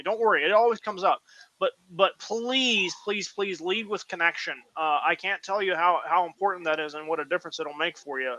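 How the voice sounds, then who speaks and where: Bright, high-voiced emphatic man. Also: no echo, rough recording. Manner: emphatic, advice-giving. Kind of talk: casual panel chat.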